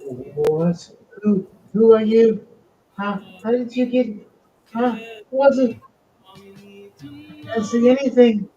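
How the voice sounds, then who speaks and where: A man voicing a frightened young princess who stammers in a high voice. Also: very animated, slow pace, pauses often, mellow, lo-fi sound, soft background music, heavily acted. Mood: startled.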